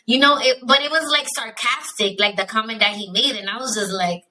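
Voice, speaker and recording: A woman's voice: fairly high pitch, brisk, bright, forceful tone, poor audio. A woman podcast host chatting casually, her talk full of "like" fillers.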